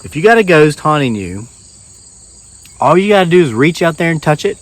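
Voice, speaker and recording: A man's voice: on the high side, big pitch swings, fairly quick. Folksy man spinning a tall tale. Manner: folksy, rambling drawl. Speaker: storyteller.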